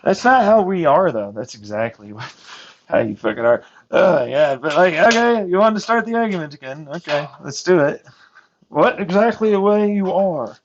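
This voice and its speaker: A man's voice: high voice, expressive, moderate pace. Agitated young man ranting, lo-fi. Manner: agitated, swearing, mimics others in heated back-and-forth. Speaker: vlogger. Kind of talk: rambling personal vlog rant. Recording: dull lo-fi audio with clear background noise.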